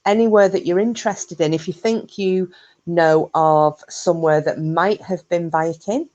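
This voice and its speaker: A woman's voice: on the low side, moderate pace, a little mellow, highs cut off. A woman hosting a casual live-stream chat, rambling and self-interrupting with frequent jokes. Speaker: livestream host.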